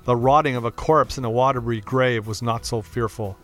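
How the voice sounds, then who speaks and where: A man reading a classic novel aloud as narrator, in a steady, measured, dramatic way. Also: medium pitch, soft background music. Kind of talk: audiobook reading of classic fiction.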